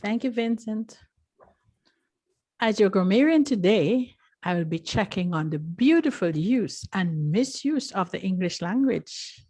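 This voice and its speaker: A woman acting as grammarian at an online club meeting, explaining a word in a clear, instructive way. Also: mid-range voice, darkish tone, no echo.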